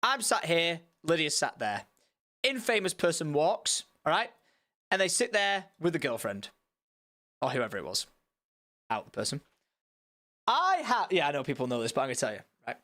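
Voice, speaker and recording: A young man chatting on a live stream. He tells an awkward story in an animated, rambling way, swearing freely and restarting his sentences. His voice sits a touch high for a man. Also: normal speed, long pauses.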